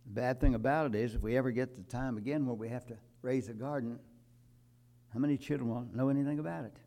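An older man preaching a sermon to his congregation, building from calm talk to loud emphatic peaks and quoting scripture. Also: medium pitch, fast. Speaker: pastor.

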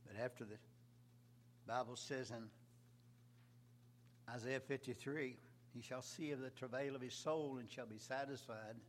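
A man preaching a sermon, shifting from soft, quiet lines to loud, rising cries. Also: mid-range voice, fairly even intonation, a little slow, long pauses, a little hiss or hum. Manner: preaching with sudden loud swells and soft drops.

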